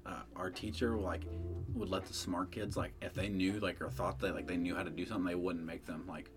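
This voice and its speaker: A man's voice: low voice, level tone, a little fast. A young man hosting a podcast, telling a rambling, profane story in casual chat, full of fillers. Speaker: podcast host.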